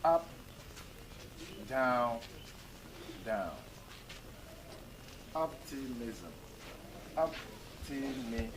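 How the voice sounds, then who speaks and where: A man's voice: mid-range voice, animated, moderate pace, pauses often. A male teacher in a school classroom, drilling pronunciation and talking to his students with rhetorical questions. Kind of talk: classroom lesson and talk to students. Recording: noisy classroom recording.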